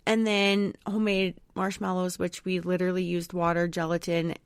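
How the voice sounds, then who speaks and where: A woman's voice: fairly low pitch, flat delivery, normal speed, clean tone, no room sound, clean studio sound. A woman podcast host and mother chatting casually through a personal story, rambling with lots of fillers. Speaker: mother of a young child.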